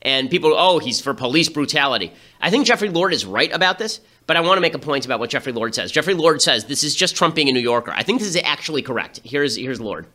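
A man hosting a podcast, delivering political commentary in a rapid, sarcastic, animated way. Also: a little high. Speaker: podcast host.

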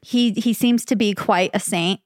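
A chatty young woman co-hosts a podcast, rambling a little and second-guessing herself mid-sentence. Her voice sits at a middle pitch, recorded close and dry. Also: a little slow, dry recording. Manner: chatty, rambling, self-questioning. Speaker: podcast co-host. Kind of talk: casual chat.

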